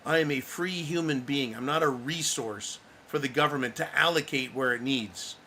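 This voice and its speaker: A man's voice: medium pitch, normal speed, bright, forceful tone, slight background noise. A man hosting a livestream, giving angry, blunt political commentary and swearing freely. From United States. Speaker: livestream host.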